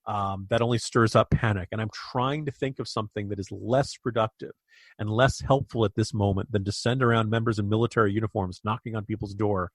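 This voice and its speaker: A man's voice: lowish voice, dry recording, clean studio sound. An American man co-hosting a political podcast, speaking emphatically and indignantly with frequent restarts. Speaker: podcast co-host. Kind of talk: political commentary.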